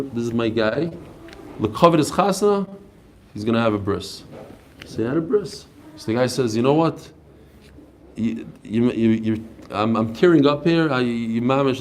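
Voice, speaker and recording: Guy teaching a daily talmud class, animated, tells stories, a bit of noise behind. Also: mid-range voice. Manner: animated storytelling, quick asides. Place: study hall class.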